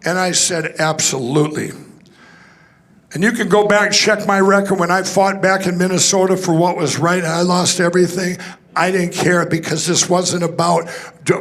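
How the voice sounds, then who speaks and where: Male speaker on a conference stage, gravelly tone, tells stories with lots of restarts. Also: sits high, fairly bright tone. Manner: rambling, restarts, acts out quoted dialogue. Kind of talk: storytelling talk to an audience.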